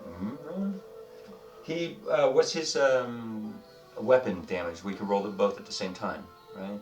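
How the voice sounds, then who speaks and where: A man's voice: on the low side, big pitch swings, a little slow, darkish tone, far from the mic, faint music behind. A man acting as dungeon master for a tabletop game, narrating and joking in a casual way with lots of fillers.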